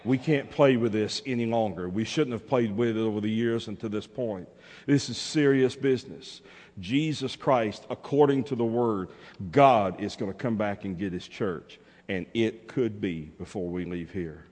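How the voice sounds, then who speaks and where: Fervent preacher in a reverberant church. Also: male voice, on the low side, normal speed. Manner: fervent, repetitive call-and-response, rising to shouted exhortations. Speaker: pastor. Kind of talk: sermon. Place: church sanctuary.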